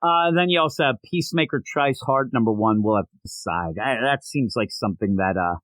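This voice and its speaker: A man's voice: mid-range voice, a little fast, a bit bright, dry recording. A man co-hosting a casual comic book podcast, rambling and laughing often, swearing freely. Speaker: podcast co-host. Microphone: remote recording setup, not in the same room.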